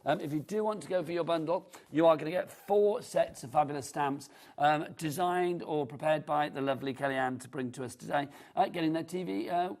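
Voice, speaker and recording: A man hosts a live shopping show in a studio. He talks in an upbeat, chatty way, reeling off buyers' names, prices and item codes. His voice sits fairly high for a man. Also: a little fast, hardly any pauses, a little mellow. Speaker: shopping channel presenter.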